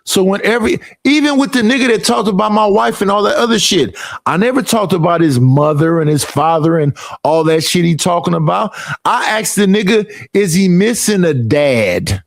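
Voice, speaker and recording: Gravelly, high-voiced man in his fifties ranting. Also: fairly quick, no room sound, clean studio sound. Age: 50s. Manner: profane, emphatic and repetitive, mimicking others. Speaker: streamer. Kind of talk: heated ranting monologue.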